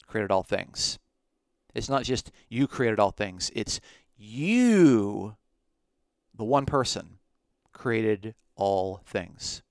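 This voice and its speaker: A man teaching on scripture in a podcast, slow and emphatic, reading Greek passages aloud. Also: medium pitch, a bit bright, clear, resonant tone, dry recording, studio quality. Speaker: Bible teacher.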